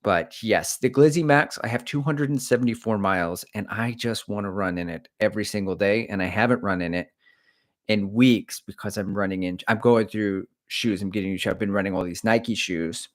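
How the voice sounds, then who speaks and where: Middle-aged male running coach, lower register, chatty and opinionated on a loose livestream. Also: fairly quick. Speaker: running coach and channel host. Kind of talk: casual livestream chat.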